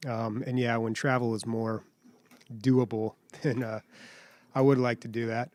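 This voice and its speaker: A young man rambles through a relaxed podcast chat, leaning on fillers. His voice sits in a mid range and the recording is dry and close, with no room sound. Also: medium pitch, measured pace, no echo. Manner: rambling, filler-heavy, laughs often. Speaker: podcast co-host. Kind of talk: casual chat.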